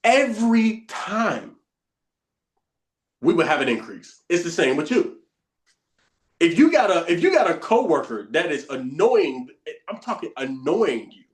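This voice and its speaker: A man runs a live online coaching session, his voice sitting noticeably high. He drives his points home through repetition and keeps asking the group whether they follow. The recording has a roomy echo around him. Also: very animated, measured pace, long pauses. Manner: emphatic, repetitive motivational teaching; quizzes the group with questions. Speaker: bootcamp coach.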